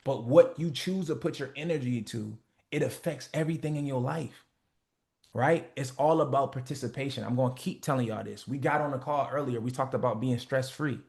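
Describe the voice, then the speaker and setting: A man's voice: mid-range voice, a little fast, gravelly, a little mellow. A man hosts a motivation call. He preaches in a blunt, profane way and acts out the people he quotes. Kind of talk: casual motivational talk.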